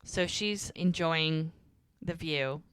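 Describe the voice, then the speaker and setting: A woman with a low voice co-hosts a casual podcast. She retells scenes with animated, acted-out dialogue. The sound is dry and close. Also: takes it slowly, clear, resonant tone, no echo. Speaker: podcast co-host. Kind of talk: casual chat recapping a TV episode.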